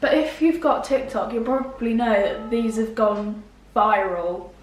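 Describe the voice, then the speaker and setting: A woman's voice: a little high, a little slow. A young woman chats with her family and explains with many little fillers. She sits back from the mic, so her voice sounds distant. The echoey room and faint noise around her stay audible. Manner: chatty, lots of "like", explaining. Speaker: daughter. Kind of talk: casual chat.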